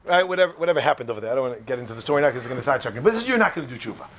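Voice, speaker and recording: A man teaching a Torah class in an animated way, quizzing his listeners and laughing at his own jokes. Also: medium pitch, racing, a little hiss or hum. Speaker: religious teacher.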